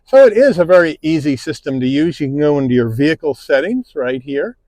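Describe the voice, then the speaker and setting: A man narrating a car review, calmly listing interior features one by one, recorded inside a car. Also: on the high side, brisk, no room sound. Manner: relaxed, plain-spoken, listing features one by one.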